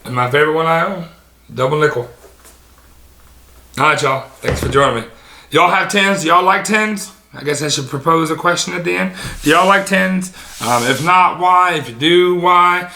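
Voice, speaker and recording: A man's voice: fairly high pitch, normal speed, creaky, pushed and bright, roomy sound, a little hiss or hum. A man casually showing off his sneaker collection, rambling and dropping lots of filler ums. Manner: casual, swears offhand. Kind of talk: casual show-and-tell.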